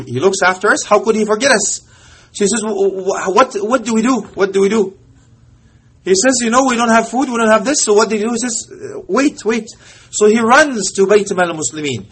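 A male preacher telling a story in a sermon, impassioned, often dropping to a hush and mixing in Arabic phrases. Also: high-pitched, lively intonation, brisk, breathy edge.

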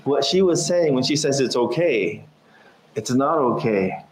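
A man teaching a religious lesson, animated and storytelling, chuckling often as he talks. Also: mid-range voice, measured pace, a little hiss or hum. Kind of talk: sermon with humor. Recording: echoey room.

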